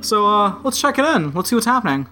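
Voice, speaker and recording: A man's voice: sits high, big pitch swings, fast, pushed and bright, faint music behind. A man hosting a podcast in casual, wry banter. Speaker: podcast host.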